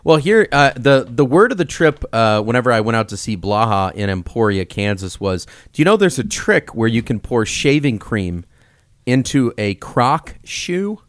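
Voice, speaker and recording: A man's voice: medium pitch, very animated, no room sound. A man co-hosting a casual chat, bantering and poking fun at himself. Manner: quick banter, self-deprecating. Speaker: podcast co-host, campus minister.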